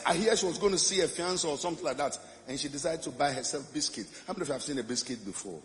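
A young man, preaching a storytelling sermon, animated and rising into shouts and song in a church. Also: fairly high pitch, very fast, few pauses, big-room sound, a little hiss or hum. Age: young adult. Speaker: pastor.

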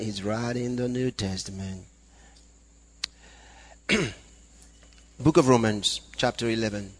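A man's voice: medium pitch, gravelly. A man preaching a fervent sermon, breaking into praise between his points. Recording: long reverb of a hall.

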